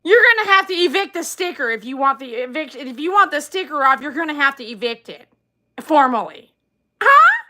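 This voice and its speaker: A woman chats away on her live stream in a high, bright voice. She reads viewer comments aloud, giggles often, and keeps a playful, chatty tone. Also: animated, brisk. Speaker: livestream host reading chat. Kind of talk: casual live-stream chat.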